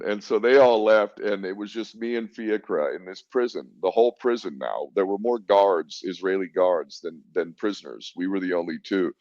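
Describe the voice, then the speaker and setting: A man's voice: sits low, a little mellow, no room sound. A man telling a personal story as an interview guest, in a blunt, casual, profane way. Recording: muffled lo-fi recording.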